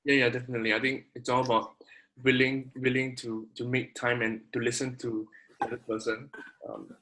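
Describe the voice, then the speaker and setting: A man's voice: mid-range voice, flat delivery, a little fast, pushed and bright, low-quality recording. Hesitant male interview host. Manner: hesitant, with many fillers while asking questions. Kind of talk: interview conversation.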